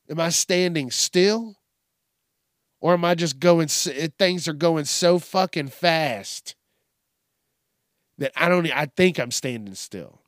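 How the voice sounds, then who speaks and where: A man with a fairly high voice and lively intonation speaks slowly and pauses often, recorded at studio quality on a studio microphone with no room sound. He hosts a casual solo podcast, rambling and cursing in a slight Southern twang while laughing a lot.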